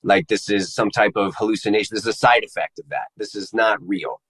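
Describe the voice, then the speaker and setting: A man telling his personal story to an interviewer in a casual, halting way, searching for the right words. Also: on the low side, steady tone, fairly bright tone, slightly rough, poor audio. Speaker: interview guest. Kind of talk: personal testimony in casual conversation.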